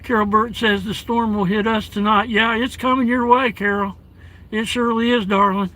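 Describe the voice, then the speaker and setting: A man chats live from his vehicle, his voice high and bright. He reads viewers' comments aloud and calls them darling and brother. His talk is halting, full of restarts and soft fillers. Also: little pitch movement, low-quality recording. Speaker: live streamer reading chat. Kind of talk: casual live stream chat. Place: inside a parked vehicle at home during a blizzard.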